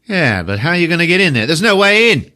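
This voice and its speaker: A man voicing a loyal, panicky male soldier who speaks in a high, excited, urgent way. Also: fast.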